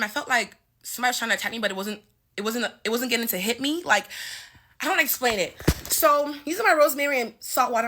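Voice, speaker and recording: A vlogger in her twenties tells a heated, profane story-time rant indoors in her home bathroom, stuttering as she goes. Her voice sits high and bright, with a forceful tone.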